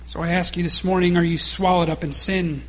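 A man's voice: high-pitched, flat delivery, a little fast, a bit bright. A middle-aged man preaching a sermon, mixing rhetorical questions with casual asides. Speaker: pastor.

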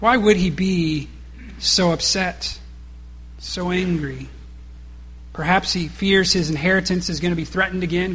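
A man's voice: high-pitched, moderate pace, fairly bright tone, breathy edge. A middle-aged man preaching a sermon, mixing rhetorical questions with casual asides. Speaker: pastor.

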